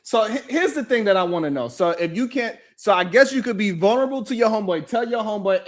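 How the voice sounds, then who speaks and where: A man hosting a live talk show, ranting in animated, profane commentary and repeating himself for emphasis. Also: sits high, fast, few pauses. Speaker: host.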